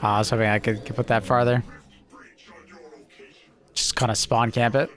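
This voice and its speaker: A man's voice: mid-range voice, flat delivery, normal speed, a bit bright. A young man streaming a game in casual chat, laid-back, swearing freely and chuckling often.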